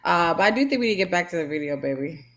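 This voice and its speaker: A woman's voice: lowish voice, animated, very fast, fairly bright tone. A woman co-hosting a livestream, reading viewer comments aloud in an upbeat, playful way. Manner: upbeat, reads comments aloud, laughs often. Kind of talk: casual livestream chat.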